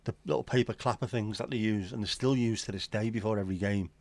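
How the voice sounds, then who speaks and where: A lowish, darkish voice belongs to a middle-aged man who talks fast and keeps a steady tone, with no room sound in the recording. Hosting a livestream, he reads out the chat while rambling through pub-style jokes.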